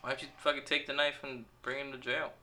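A podcast host in casual chat, teasing his co-host with rapid-fire banter. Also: mid-range voice, flat delivery, pushed and bright.

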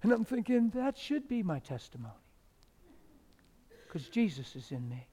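A man's voice: high-pitched, big pitch swings, moderate pace, husky. Passionate man preaching a sermon. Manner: passionate storytelling, swinging from loud exclamations to hushed quiet. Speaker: pastor.

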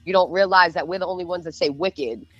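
A woman with a Boston accent, a DJ telling animated, profane stories in a casual podcast chat. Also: fairly low pitch, quick pace, dry recording, muffled recording, soft background music. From Boston North Shore. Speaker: DJ guest.

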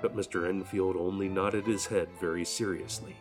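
A man narrating an audiobook in a measured, solemn manner. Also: low voice, fairly even intonation. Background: faint violin music.

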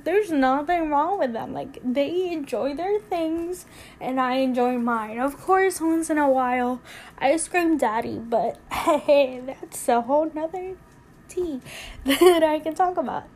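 A young woman with a notably high voice talks through a casual solo podcast episode. She rambles candidly, leans on fillers and restarts, and sounds emotional, close to tears. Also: a little mellow. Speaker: podcast host.

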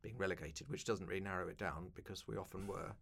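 A man's voice: low-pitched, quick pace, creaky, a bit bright. A man in his fifties from London, a broadcaster telling self-deprecating, humorous anecdotes in an interview. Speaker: guest, broadcaster and keynote speaker. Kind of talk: casual interview chat.

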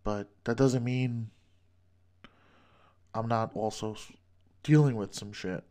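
Slow, rambling man on a solo podcast. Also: medium pitch, steady tone, darkish tone. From New York. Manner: rambling, self-deprecating, profane jokes. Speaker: podcast host.

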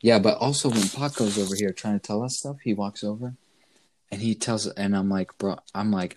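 A man in casual chat, telling animated stories about coworkers and acting out their lines. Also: on the low side, moderate pace. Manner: animated storyteller, acts out coworkers' voices. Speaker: co-host telling work stories.

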